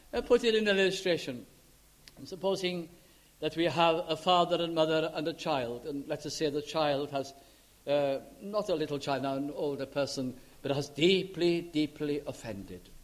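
A man preaching a sermon in an earnest, emphatic way, stretching key words and letting his voice sink low and soft at the ends of phrases.

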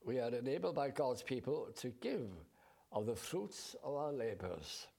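Male preacher, gravelly voice, raspy, slow measured sermon delivery. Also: mid-range voice, very animated, mellow. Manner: slow, measured, with drawn-out scripture quotes.

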